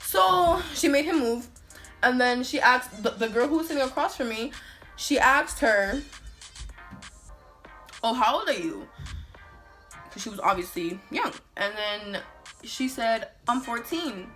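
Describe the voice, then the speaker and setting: Vlogger woman, bright voice, lively storytelling, swears freely, faint music underneath. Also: fairly high pitch, moderate pace. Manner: animated, profane, slangy storytelling. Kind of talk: storytime vlog.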